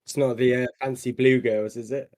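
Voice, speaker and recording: A man's voice: medium pitch, little pitch movement, normal speed, a little mellow. A man hosting a podcast, easygoing and joking, asking the guest questions. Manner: easygoing, asks questions, jokes. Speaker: podcast host. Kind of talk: casual podcast chat.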